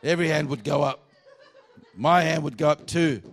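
A man with an Australian accent preaching a revival sermon to a congregation, jokey and exuberant, swinging from hushed asides to shouts. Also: on the high side, moderate pace. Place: church hall before a congregation.

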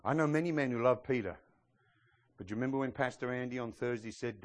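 A middle-aged male pastor preaching a sermon in a lively way, acting out Bible figures as he tells their stories. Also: mid-range voice, quick pace.

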